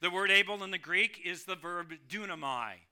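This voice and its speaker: A man with a high, very bright and clean voice preaches a sermon. He swings between emphatic, louder stretches and sudden quiet drops. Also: moderate pace. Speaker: pastor.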